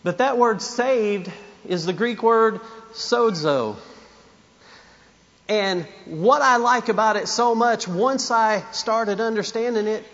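High-pitched man, preaching a sermon, emphatic and repetitive, muffled lo-fi recording. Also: fairly bright tone. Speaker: pastor.

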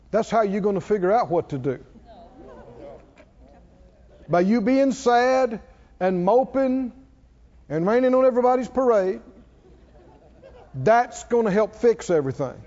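A man preaching a sermon, calling on the congregation to answer back and building up to shouts. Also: very high-pitched, animated, slow, long pauses. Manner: call-and-response, coaxing the congregation, rising to shouts. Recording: dull sound with long hall reverb.

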